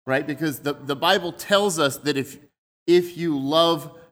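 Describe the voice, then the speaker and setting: A man's voice: on the high side, measured pace, a bit bright. A man preaching a sermon in a conversational way, explaining his points through everyday examples.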